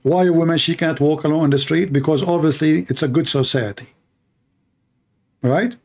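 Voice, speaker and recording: Man, fairly high voice, sarcastic, mocking, emphatic, non-native english grammar, casual monologue. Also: moderate pace. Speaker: online commentator answering questions. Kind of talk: casual monologue answering viewer questions.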